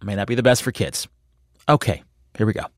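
A man's voice: on the low side, fairly quick, heavy background noise. A man reading a scripted podcast introduction with a warning about content. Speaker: podcast host introducing episode.

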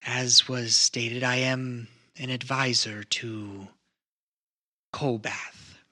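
A man playing a careful male advisor who answers questions slowly and earnestly. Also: medium pitch, steady tone, sharp tone, full character voice. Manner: slow, earnest, deliberate.

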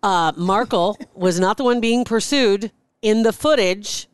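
Woman co-host, mid-pitched, gossipy and giggly, dry close mic. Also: unhurried, smooth, dry recording. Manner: gossipy, laughs while telling stories. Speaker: podcast co-host. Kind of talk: casual chat.

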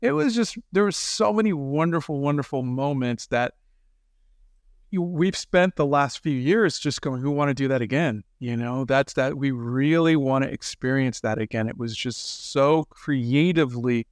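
A man guest in an interview, telling lively anecdotes in casual talk and acting out the people he quotes. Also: medium pitch, normal speed, no room sound, studio quality. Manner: animated anecdotes with quoted voices. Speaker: guest, animator and film director.

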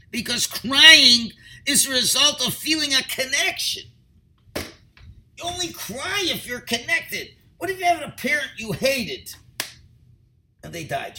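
A man's voice: high voice, sharp tone, husky, rough recording. A man teaching a Torah lecture as a rabbi, explaining earnestly through stories and rhetorical questions.

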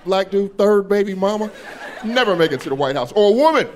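A man performing a stand-up comedy set on a club stage, animated and acting out characters. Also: sits high, fairly quick, a faint crowd.

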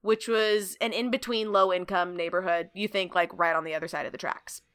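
A woman's voice: on the low side, steady tone, fairly quick, a bit bright, clean tone. A woman in her thirties co-hosting a chat show, telling a story with playful jokes and asides. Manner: playful, laughing, jokey asides. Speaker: podcast co-host.

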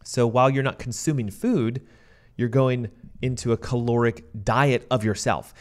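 A man co-hosting a health podcast as a doctor, explaining at length in a steady, teaching manner. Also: medium pitch, normal speed.

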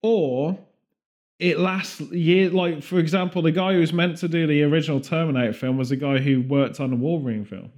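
Male podcast co-host, higher-pitched, deadpan comic rambler. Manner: rambling deadpan absurd riffs, quick bursts of put-on voices. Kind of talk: comedic podcast banter.

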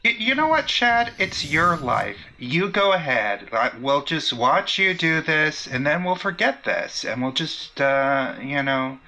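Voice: medium pitch, very animated, unhurried, few pauses, sharp tone, full character voice, rough recording. A tabletop player voicing a sarcastic kid who mocks a grown man. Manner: sarcastic, mocking.

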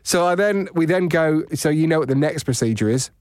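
A man's voice: fairly high pitch, brisk, no echo. A man with a slightly raised voice tells a story with lots of energy, laughing often and acting out the people in it. The sound is dry and close to the mic, with no room around it. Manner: animated, laughing, acts out voices in anecdotes. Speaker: podcast co-host. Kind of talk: casual storytelling chat.

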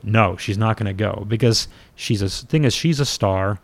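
Male storyteller, low voice, dry close sound, casual and self-deprecating, swears easily. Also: normal speed, gravelly, no room sound. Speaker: former pro wrestler telling a story.

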